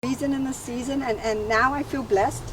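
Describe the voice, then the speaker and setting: A woman's voice: high voice, a little fast. A middle-aged woman, hosting a heartfelt conversation and speaking emphatically. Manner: animated, emphatic, breaks into loud exclamations. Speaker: host. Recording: distant mic with clear background noise.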